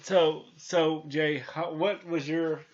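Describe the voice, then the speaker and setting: A man's voice: on the high side, fairly even intonation, slow. Rambling man in his thirties, slightly muffled. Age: 30s. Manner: rambling, many restarts and fillers, retells scenes. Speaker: podcast host. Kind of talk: casual movie review chat.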